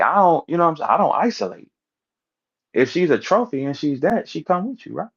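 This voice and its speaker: Man, blunt profane rant, mid-pitched voice, dull lo-fi sound. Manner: blunt, profane, emphatic, rhetorical questions. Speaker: commentator. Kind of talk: animated commentary rant.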